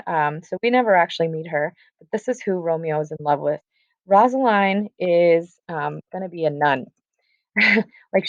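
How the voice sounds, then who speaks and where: A woman's voice: on the low side, darkish tone, no room sound, muffled recording. A woman teacher casually retelling a play, reading lines aloud and paraphrasing them in modern slang.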